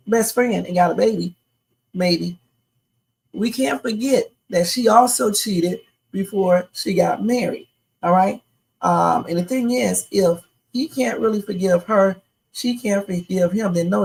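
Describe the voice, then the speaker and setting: Woman host, live reaction stream, opinionated and chatty, gravelly edge. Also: medium pitch, darkish tone, poor audio. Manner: chatty, opinionated, talks to viewers as y'all. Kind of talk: casual live reaction commentary.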